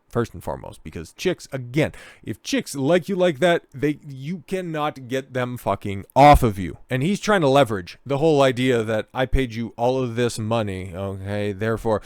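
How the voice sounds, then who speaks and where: A man's voice: fairly low pitch, no echo. A man hosting a commentary video, talking in a blunt, profane, lecturing way. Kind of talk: casual commentary.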